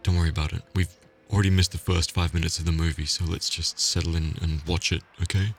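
A man in a whispered role-play, talking in a hushed, flustered, pleading way. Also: low-pitched, little pitch movement, quick pace, creaky, slight background noise.

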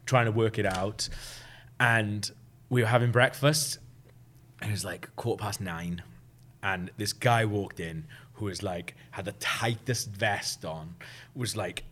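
A man's voice: on the low side, measured pace, a bit bright. Rambling man telling a story. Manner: rambling storyteller, lots of fillers. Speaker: podcast host. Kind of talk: casual podcast chat.

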